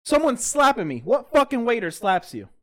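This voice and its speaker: This podcast co-host has a very high-pitched voice and talks at normal speed. He tells a story in casual, foul-mouthed banter, animated and laughing along the way.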